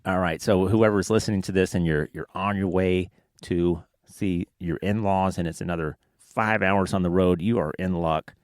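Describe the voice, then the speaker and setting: A man's voice: deep voice, fairly even intonation, moderate pace, no room sound, studio quality. A man with a Southern accent hosting a weekly podcast, telling long rambling stories in an easygoing way. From Alabama, USA. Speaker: podcast host. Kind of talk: casual podcast chat.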